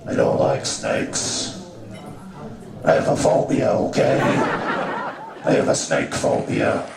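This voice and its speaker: A man's voice: a bass voice, huge pitch swings, slow, creaky, heavily acted. A man doing stand-up as a crude, callous male god who mocks his worshippers. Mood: mocking. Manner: crude, mocking and swaggering. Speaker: stand-up comedian. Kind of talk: stand-up comedy in character. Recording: roomy live venue from far off, audience noise.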